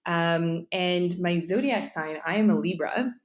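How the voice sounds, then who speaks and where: A woman from Western Canada, a company founder, talking about herself in a friendly, measured way with frequent ums as a podcast guest. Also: lowish voice. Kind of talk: casual interview.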